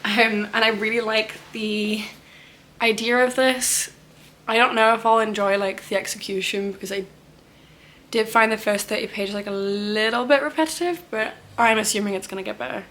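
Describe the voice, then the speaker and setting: A woman's voice: mid-range voice, fairly even intonation, moderate pace, a bit bright. A young woman talking casually about books she plans to read, rambling with lots of "um" and "like". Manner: rambling, many "um" and "like" fillers. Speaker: book vlogger.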